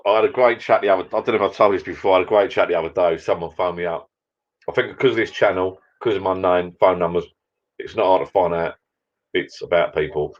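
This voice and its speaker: A man hosting a casual live chat, full of cheeky banter and light swearing. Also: sits low. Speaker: livestream host. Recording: dull lo-fi sound.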